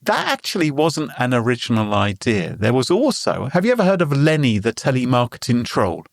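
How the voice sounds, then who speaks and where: A British man hosts a podcast in a playful, chatty way, his pitch rising and falling a lot as he tells stories. The sound is close and dry, with no room. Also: fairly quick, creaky, no room sound. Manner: playful, animated storyteller. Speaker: podcast host. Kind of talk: casual podcast chat.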